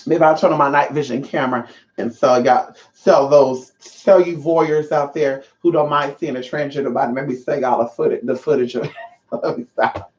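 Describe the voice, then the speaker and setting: A woman's voice: extremely low pitch, fairly even intonation, moderate pace, a little mellow. Woman, spiritual teacher, casual livestream rant, sassy, profane, emphatic, slightly dull lo-fi sound. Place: at home.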